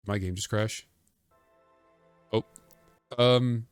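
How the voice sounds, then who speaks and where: A man's voice: on the low side, animated, normal speed, dry recording, soft background music. A man giving casual, joking commentary while playing a video game, rambling and wry. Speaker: let's play streamer.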